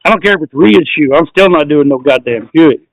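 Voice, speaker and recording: A man hosting a podcast with a somewhat high voice, rambling through casual chat and crude jokes, full of fillers. The sound is dry and close, with no room echo. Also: animated, a little fast. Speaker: podcast host.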